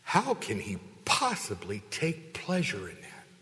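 A man preaching a sermon as a pastor, lively and conversational, acting out quoted voices with big jumps in pitch. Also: unhurried. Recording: long hall reverb.

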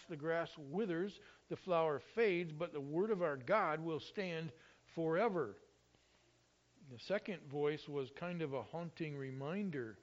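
A high-pitched male pastor delivering a sermon, his voice swelling with emphasis whenever he quotes scripture. The recording is muffled and lo-fi, with a dull top end. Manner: expressive, rises loudly when quoting scripture.

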